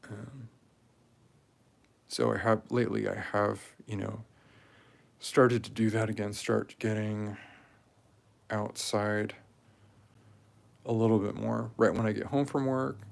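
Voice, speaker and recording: A man in his forties talking casually and rambling while he strings beads, with many pauses and fillers. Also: lowish voice, vocal fry, darkish tone. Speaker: craft video maker. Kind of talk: casual talk while crafting.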